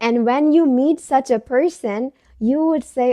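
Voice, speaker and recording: A woman's voice: high-pitched, moderate pace, warm tone, no echo, dull audio. A young adult woman vlogger telling a personal story in an earnest, conversational, reflective way. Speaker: English-speaking vlogger.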